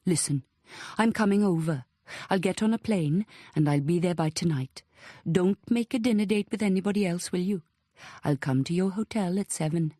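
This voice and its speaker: A woman reading the lines of an earnest, eager adult man who talks in hurried, halting phrases. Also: sits high, warm tone, no room sound, studio quality.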